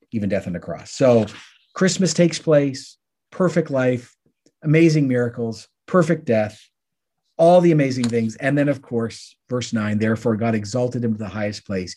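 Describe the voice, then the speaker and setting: Husky, mellow-voiced man teaching scripture. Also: medium pitch. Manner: lively, acts out listeners' questions in quotes. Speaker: podcast co-host teaching on the Bible. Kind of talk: casual Bible teaching chat.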